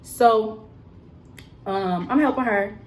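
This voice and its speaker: A young woman telling a story in a casual, animated vlog style, emphatic and full of fillers. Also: mid-range voice, slow pace, slight background noise. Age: young adult. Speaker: vlogger and cosmetics counter worker.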